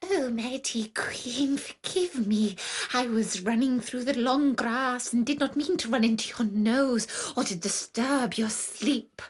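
A woman doing a breathy little pleading mouse. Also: medium pitch, lively intonation, measured pace, a little mellow. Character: small timid pleading mouse.

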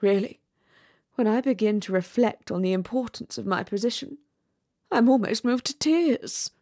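A woman's voice: fairly high pitch, normal speed, mellow. A woman reading a storybook aloud, voicing a conceited, pompous male firework rocket in a haughty, dramatic manner. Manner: haughty, self-important, dramatic.

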